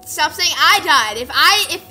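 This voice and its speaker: Bright, high-voiced blunt gamer woman. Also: expressive, normal speed, soft background music. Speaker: co-player. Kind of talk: casual multiplayer gameplay chat.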